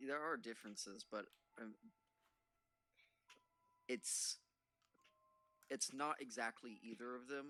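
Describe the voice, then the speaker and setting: A man's voice: mid-range voice, slow, pauses often, pushed and bright, faint music behind. A man playing a tabletop game, speaking hesitantly and trailing off. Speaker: player. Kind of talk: casual tabletop play.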